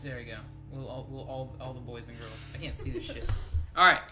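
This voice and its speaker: A man's voice: mid-range voice, steady tone, brisk, sharp tone, faint music behind. Laid-back, rambling male game streamer. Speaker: host playing games on a live stream. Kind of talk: casual live-stream chat.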